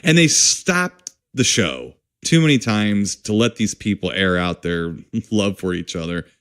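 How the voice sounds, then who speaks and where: A man's voice: lowish voice, lively intonation, measured pace, fairly bright tone, clean tone. A man co-hosting a podcast, riffing playfully on films and laughing often. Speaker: podcast co-host. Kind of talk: casual chat.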